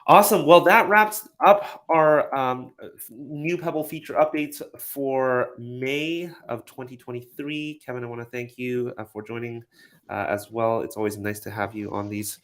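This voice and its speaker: A man hosting a casual software product update, relaxed and full of fillers, with upbeat sign-offs. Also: medium pitch, a little slow.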